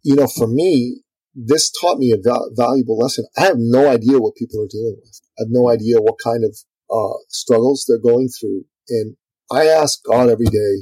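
A man guest on an interview, a business coach telling a story in an energetic, conversational way. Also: mid-range voice, moderate pace, breathy edge, dry recording, poor audio. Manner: energetic, lively storyteller, acts out quotes.

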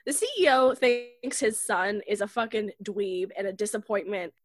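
A woman's voice: mid-range voice, normal speed, no echo. A woman co-hosting a casual chat, blunt and swearing freely in her reactions. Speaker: podcast co-host.

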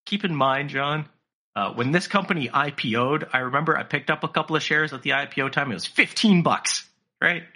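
A man's voice: fairly high pitch, brisk, sharp tone. A man chatting casually on a podcast, telling a story with lots of profanity and slipping into mocking voices for the people he quotes.

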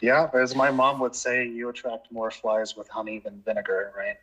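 A man's voice: mid-range voice, little pitch movement, normal speed, bright, forceful tone, breathy edge, poor audio. A man speaking as a guest on a podcast, earnest and reflective in a casual conversation. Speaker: podcast guest, nature educator. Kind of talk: casual interview chat.

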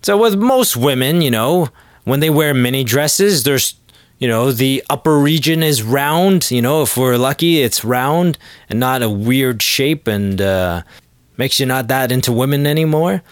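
A man's voice: medium pitch, lively intonation, a little slow, no room sound, clean studio sound. A man hosting a podcast, telling a rambling, sardonic comedic story. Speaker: podcast host. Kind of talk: comedic monologue.

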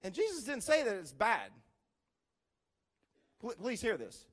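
A male pastor preaching a sermon as an animated storyteller, imitating beeping sounds and swinging between loud emphasis and hushed asides. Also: high-pitched, unhurried.

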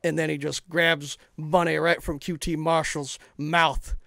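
Gravelly animated man in casual chat. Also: on the high side, a little slow, no echo, clean studio sound. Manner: animated storyteller, acts out scenes. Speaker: wrestling podcast co-host.

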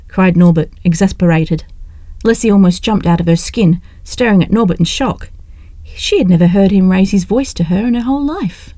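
A woman narrating an audiobook in a brisk, expressive way. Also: medium pitch, dry recording.

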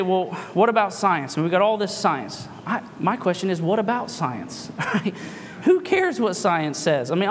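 A man's voice: high-pitched, slight background noise. A man preaching a sermon with impassioned, emphatic rhetorical questions, recorded in a church hall. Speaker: pastor.

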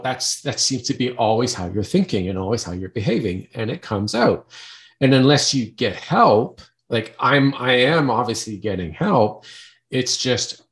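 A man's voice: medium pitch, a bit bright. A middle-aged man speaks candidly and personally. He stumbles and restarts often, repeating words as he works through painful thoughts. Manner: halting, with many restarts. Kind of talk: personal talk about trauma.

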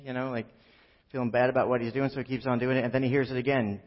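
A man's voice: medium pitch, flat delivery, fast talker. A man preaching a sermon as pastor, conversational and joking, with many fillers. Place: church hall. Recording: echoey hall, dull sound.

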